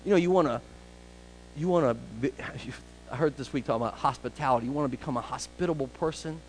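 A male pastor preaching a conversational sermon, full of casual asides and rhetorical questions, sometimes brisk and sometimes drawn out. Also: medium pitch, faint music behind, low-quality recording.

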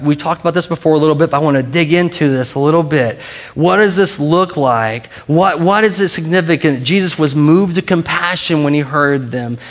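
A man with a fairly high voice preaches a sermon. He talks casually, often restarting his sentences, and playfully gets the congregation to repeat a word with him. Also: in a large hall. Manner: casual, conversational, with frequent restarts. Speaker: pastor.

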